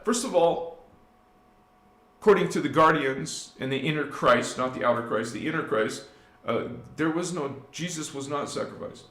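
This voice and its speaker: A man hosting a live spiritual talk, preaching emphatically to his listeners and swinging from hushed to loud. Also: on the high side, moderate pace, reverberant. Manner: preachy, addresses listeners directly. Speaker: spiritual channel host.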